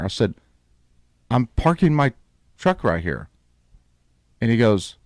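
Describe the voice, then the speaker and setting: A man's voice: mid-range voice, takes it slowly, vocal fry, pauses often, no room sound, clean studio sound. A man hosting a radio show, telling a long story in casual talk and acting out the voices of the people in it. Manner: animated storyteller, acts out quoted voices.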